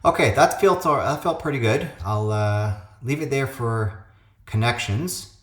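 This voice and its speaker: A man's voice: mid-range voice, measured pace. Man thinking aloud in an echoey room. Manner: thinks aloud with frequent fillers. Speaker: puzzle video host. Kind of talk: casual solo commentary. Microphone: phone webcam.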